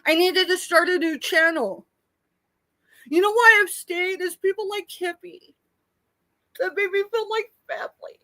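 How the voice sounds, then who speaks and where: Woman, middle-aged, very high voice, bright tone, angry tearful live-stream rant. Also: measured pace, pauses often, no echo. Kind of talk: emotional late-night live stream rant.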